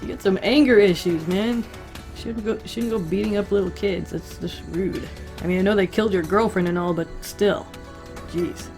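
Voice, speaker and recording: A woman's voice: medium pitch, normal speed, a little mellow. Woman host, casual recap, wry and profane, faint music bed.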